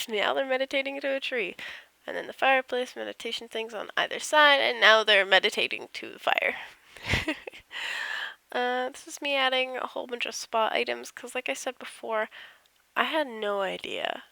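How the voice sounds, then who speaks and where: A woman's voice: on the high side, normal speed, vocal fry, sharp tone, no room sound. A woman casually narrating over her game build, rambling and self-deprecating, yawning as she goes. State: tired, yawning.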